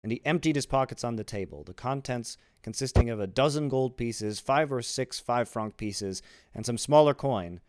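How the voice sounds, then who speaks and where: A man reading a classic novel aloud in an expressive, animated way. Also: medium pitch, moderate pace, no room sound, clean studio sound. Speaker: reader, esports personality.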